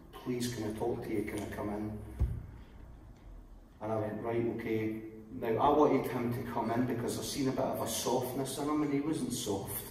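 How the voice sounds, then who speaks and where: A middle-aged Scottish man telling his life testimony from the pulpit, acting out the quoted voices in his story and often dropping to a quiet, low voice. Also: a little hiss or hum. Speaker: guest preacher giving testimony. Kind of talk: testimony sermon. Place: church hall. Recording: very echoey hall, voice heard from far off.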